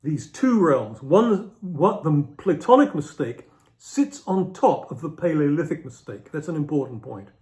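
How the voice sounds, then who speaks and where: A man's voice: a little high, very animated, unhurried, a little mellow. Man lecturing on ideas, thinking aloud. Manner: thinks aloud, repeats phrases for emphasis. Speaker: philosophy lecturer. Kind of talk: unscripted explanatory lecture.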